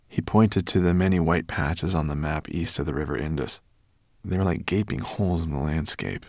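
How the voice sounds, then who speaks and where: A man narrating an audiobook in an even, measured reading voice. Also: very deep voice, gravelly, dry recording, clean studio sound.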